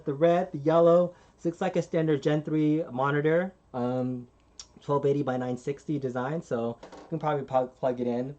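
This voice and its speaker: A man hosting a casual live-stream unboxing, talking in a relaxed, rambling way with plenty of fillers and restarts. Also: a little high, dull audio. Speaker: channel host.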